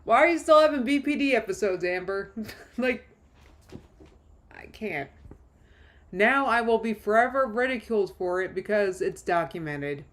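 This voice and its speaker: A woman's voice: mid-range voice, lively intonation, normal speed, pauses often. A woman hosting a live reaction stream, reading out texts and thanking chat in a chatty, snarky, often laughing way. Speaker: drama commentary streamer.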